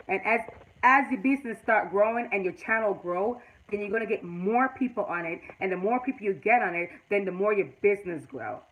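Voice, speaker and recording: A woman's voice: mid-range voice, a bit bright, low-quality recording. A middle-aged woman with a Jamaican accent hosting a live stream, giving casual, emphatic advice and chatting with viewers. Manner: emphatic, repeats herself, chats to viewers.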